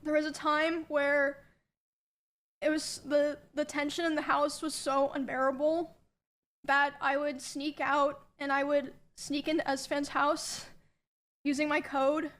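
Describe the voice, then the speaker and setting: A young woman streamer quietly recounting a personal story, hesitant with many pauses. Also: sits high, level tone. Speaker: streamer telling her story. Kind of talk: personal confessional narration.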